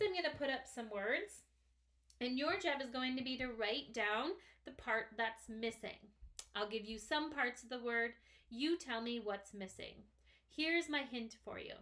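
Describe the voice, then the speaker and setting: A woman teaching young children to sound out words, speaking very slowly with careful, drawn-out sounds. Her voice is bright and clear and sits a bit high. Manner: slow, careful, stretched-out sounds. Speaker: first grade teacher. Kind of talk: slow phonics lesson video.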